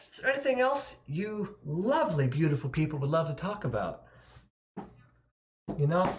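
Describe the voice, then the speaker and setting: A man talks to his live-stream viewers at an unhurried pace, rambling and mocking himself with frequent laughs. His voice sits in a roomy space, and the sound is dull and lo-fi. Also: mid-range voice, a little hiss or hum. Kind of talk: casual live-stream chat.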